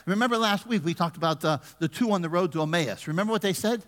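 A man's voice: sits high, animated, quick pace, few pauses, fairly bright tone, long reverb tail. A man in his fifties, a pastor preaching a conversational sermon with humor and questions to the congregation. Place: church sanctuary.

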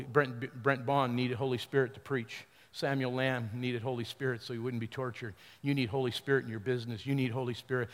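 A man's voice: medium pitch, in a large hall. A man preaching as pastor, retelling a story with quoted voices and leading the congregation in declarations. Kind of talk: sermon. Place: large church hall.

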